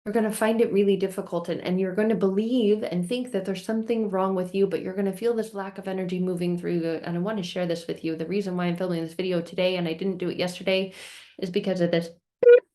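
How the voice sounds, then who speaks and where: Expressive woman telling a self-help story. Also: fairly low pitch, fast talker. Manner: expressive storyteller, acts out her frustration in quoted outbursts; repeats phrases in rhythmic lists. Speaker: self-help video host. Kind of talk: casual self-help vlog talk.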